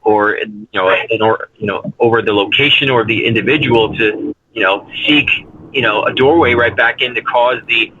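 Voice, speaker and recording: A husky, bright-toned man speaking as a paranormal investigator guest. He talks earnestly and rambles, restarting sentences and leaning on fillers. The audio is dull and lo-fi, like a remote call. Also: lowish voice, normal speed. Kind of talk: casual interview talk.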